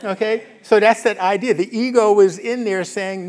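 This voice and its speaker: Middle-aged guy preaching in a church, pitched a bit high, chatty and animated, keeps checking if folks get it. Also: moderate pace. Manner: casual, animated, asks the congregation if they follow. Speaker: minister. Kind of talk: conversational sermon. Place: church sanctuary.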